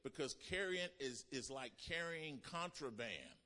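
Male pastor, sermon delivery, call-and-response, drops from emphatic to near-hushed; long hall reverb. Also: medium pitch, lively intonation, moderate pace.

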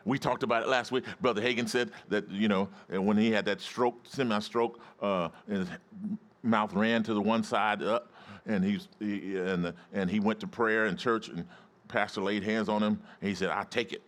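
A man's voice: fairly low pitch, fairly even intonation, normal speed. A male pastor preaching a sermon, emphatic and calling out to his congregation for responses.

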